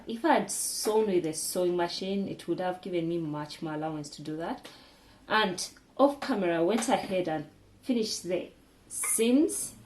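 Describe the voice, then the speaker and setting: A woman's voice: fairly low pitch, a little mellow, slight background noise. A woman teaching a sewing project step by step in a casual way, often restarting and correcting her words as she works. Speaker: sewing tutor.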